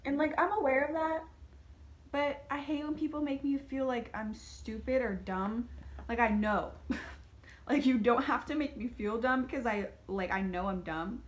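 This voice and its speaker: A young woman vlogging a casual rant, chatty and full of "like", slipping into animated quoted asides. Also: fairly high pitch, normal speed.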